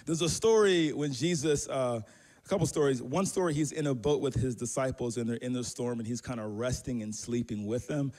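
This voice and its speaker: A man's voice: medium pitch, brisk, a little mellow. A man preaching a sermon as pastor, telling a personal story in a conversational, self-deprecating way with many fillers and restarts.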